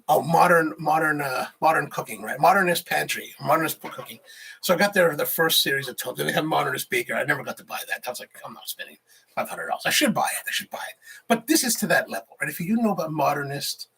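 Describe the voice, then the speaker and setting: A man's voice: fairly high pitch, vocal fry, bright, forceful tone, breathy edge. A man in his forties hosting a casual livestream, rambling and reading viewer comments aloud. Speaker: livestream host, barista.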